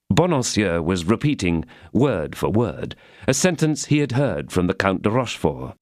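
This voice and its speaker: A man narrates a classic novel as an audiobook in a measured storytelling style. His pitch moves widely through each sentence. The recording is dry and close. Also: sing-song, darkish tone, no room sound. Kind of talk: scripted narration.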